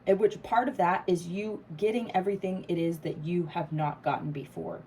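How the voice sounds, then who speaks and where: Tarot reader, woman, lowish voice, emphatic and profane, faint hiss behind. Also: steady tone, normal speed, mellow, poor audio. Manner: emphatic, swears freely, laughs and gets emotional. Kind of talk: casual tarot reading to camera.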